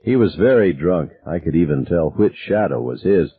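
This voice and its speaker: A man narrates a novel in the first person, measured and somber. His voice is low and husky. The sound is dry and squeezed into a narrow, phone-like band. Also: animated. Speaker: audiobook narrator.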